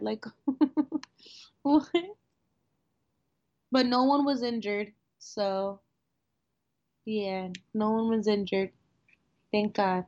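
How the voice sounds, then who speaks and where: A woman co-hosting a podcast in casual chat, slightly raspy from asthma, telling stories with giggles. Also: mid-range voice, very slow, pauses often, dry recording, dull audio. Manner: giggly, animated storytelling. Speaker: podcast co-host.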